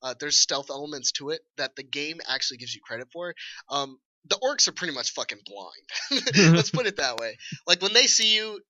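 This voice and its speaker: Man, casual game review chat, higher voice, animated, swears and laughs a lot. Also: moderate pace, no echo, dull audio. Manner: animated, swearing, laughing, acts out enemy shouts.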